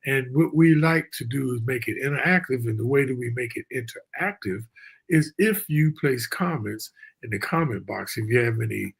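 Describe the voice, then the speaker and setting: A man's voice: medium pitch, normal speed, vocal fry, slightly rough. A man hosting a casual live-stream talk show from a remote virtual studio, chatty and loose with folksy asides.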